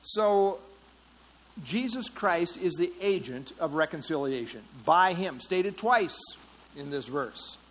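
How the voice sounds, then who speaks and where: Man, Bible teacher, somewhat high voice, conversational, quizzes the class. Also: lively intonation, slow, fairly bright tone, low-quality recording. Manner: conversational, asks the class questions, frequent fillers. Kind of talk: interactive Bible study teaching.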